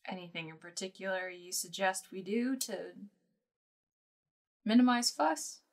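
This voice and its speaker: A woman's voice: medium pitch, unhurried. A woman playing a bard in a tabletop game, with wry, joking remarks. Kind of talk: casual tabletop game play.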